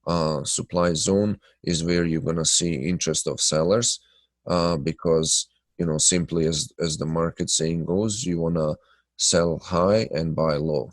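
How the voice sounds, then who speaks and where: A man with a low, nasal voice, stuffed up by his sinuses, hosts a live trading webinar. He talks loosely with lots of fillers and breaks off to greet viewers by name. The sound is dry and close to the mic. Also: steady tone, a little slow, dry recording. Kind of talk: live webinar chat and chart analysis.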